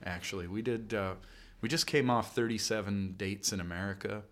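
A man's voice: on the low side, moderate pace. A man in a rock band answering interview questions with dry jokes. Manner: dry joking, relaxed. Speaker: band member guest. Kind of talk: casual interview chat.

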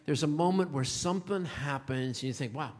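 A man's voice: fairly high pitch, fairly quick, a little mellow. A male pastor preaching a sermon in a conversational, storytelling way, chuckling now and then. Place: church sanctuary. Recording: long hall reverb.

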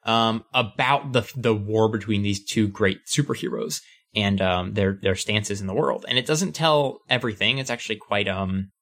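A man's voice: fairly low pitch, normal speed, vocal fry, fairly bright tone. A man co-hosting a podcast in casual chat, playful and loose, with many fillers. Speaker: podcast co-host.

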